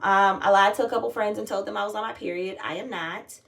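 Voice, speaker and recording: A woman's voice: medium pitch, fairly even intonation, fast talker, vocal fry, distant mic, a little hiss or hum. A young woman talking casually and candidly to her phone camera at home, swearing freely as she tells a personal story. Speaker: vlogger.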